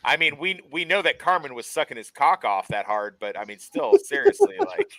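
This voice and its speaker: A man's voice: on the high side, wildly swooping pitch, normal speed, a crowd in the background, rough recording. A man hosting a casual movie-watch chat, joking and swearing freely and laughing often. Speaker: podcast host.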